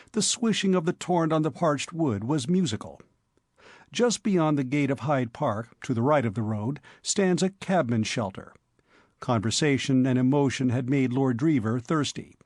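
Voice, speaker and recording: A man narrating a comic novel as an audiobook reader, in a measured, wry manner. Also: mid-range voice, darkish tone, dry recording, clean studio sound. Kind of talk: scripted narration.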